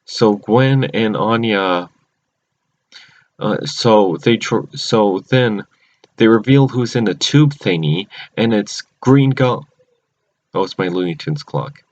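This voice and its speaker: A man's voice: on the low side, animated, slow. Male home recapper, rambling with constant restarts; dull, lo-fi capture. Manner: rambling, many restarts and self-corrections. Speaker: cartoon episode recapper. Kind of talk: casual unscripted recap. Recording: dull lo-fi recording.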